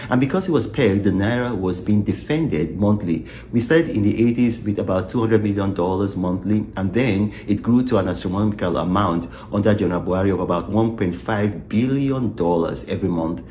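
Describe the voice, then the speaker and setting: A man giving a measured explanation in a commentary. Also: on the low side, warm tone, a little hiss or hum.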